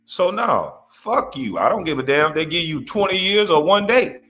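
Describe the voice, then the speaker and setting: A man's voice: on the high side, sing-song, moderate pace, sharp tone. A man hosting a reaction show, ranting bluntly and profanely, mocking his target. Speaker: host. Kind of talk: reaction commentary rant.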